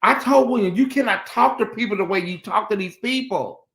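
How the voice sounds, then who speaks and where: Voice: mid-range voice, a little fast, a bit bright, reverberant. A livestream host doing sassy, dramatic chat commentary and talking straight to the viewers.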